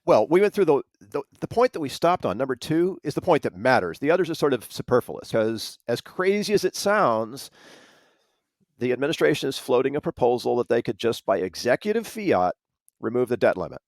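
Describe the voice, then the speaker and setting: A man's voice: medium pitch, very animated, brisk, no room sound. A man co-hosting a political podcast, delivering wry, dry sarcasm. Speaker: podcast co-host. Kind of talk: political commentary chat.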